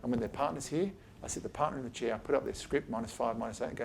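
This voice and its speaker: A man's voice: mid-range voice, rapid-fire, gravelly, hardly any pauses, darkish tone, slight background noise. A man, an eye surgeon giving an informal talk to colleagues in his office, blunt and chatty, swearing casually and acting out exchanges with patients. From Australia. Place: his office, talking to a small group.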